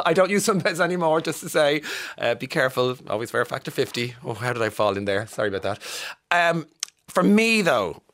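Very animated and a little quick, this medium-pitched, fairly bright-toned Irishman in his fifties hosts a relaxed radio show from a studio booth. He works through listeners' texts, throwing in self-deprecating jokes.

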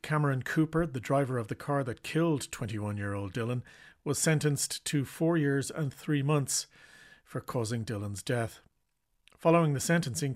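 A man hosting a radio catch-up show, reading measured scripted links that introduce each item. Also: medium pitch. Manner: measured, introduces items in turn.

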